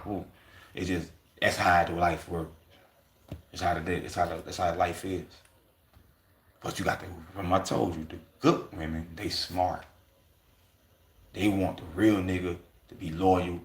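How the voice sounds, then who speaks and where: In a roomy-sounding recording, a man with a low voice hosts a livestream, rambling through a casual, profane rant packed with asides, stumbles and restarts.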